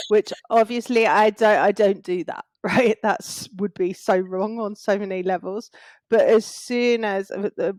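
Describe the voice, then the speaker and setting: A woman's voice: mid-range voice, a little mellow, no echo. A woman on a video call from her home in Spain, explaining things earnestly as an interview guest, with small laughs. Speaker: guest, space clearing practitioner.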